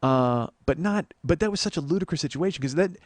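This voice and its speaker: Brief: fast, profane male podcast host in his 40s, dry close sound, rambling and animated. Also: fairly high pitch, dry recording. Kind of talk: storytelling monologue.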